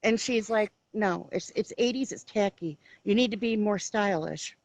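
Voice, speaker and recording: A woman's voice: medium pitch, moderate pace, dry recording, rough recording. A middle-aged woman hosting a talk show, chatting and animatedly acting out family stories. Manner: animated storyteller, acts out her daughter's lines. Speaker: show host. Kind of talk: casual chat.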